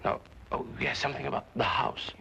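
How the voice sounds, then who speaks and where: An actor playing a nervous, frightened French interpreter who stammers and hesitates, in a 1950s TV drama. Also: male voice, medium pitch, a little fast, vocal fry, sharp tone, rough recording. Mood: anxious. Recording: old TV soundtrack with faint hiss.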